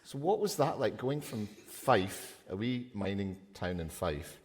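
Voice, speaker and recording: A man hosting a live stage interview, asking playful, animated questions. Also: fairly low pitch, measured pace, breathy edge. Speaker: host. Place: festival hall stage. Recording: long hall reverb, festival stage.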